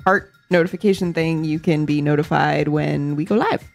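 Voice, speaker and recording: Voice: medium pitch, moderate pace, gravelly, soft background music. A co-host chatting casually about the channel and game rehearsals. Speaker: channel spokesperson and player. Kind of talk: casual chat.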